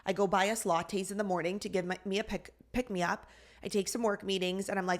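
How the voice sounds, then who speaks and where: Animated woman telling a frustrating story. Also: medium pitch, fairly quick. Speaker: podcast co-host. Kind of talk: casual storytelling chat.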